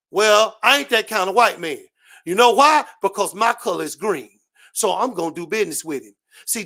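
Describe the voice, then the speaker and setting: A man's voice: extremely high pitch, creaky. A man speaking as a guest on a live-stream panel, delivering an impassioned, profane political rant full of repetition and swearing. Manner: shouting, preachy, repetitive, heavy swearing.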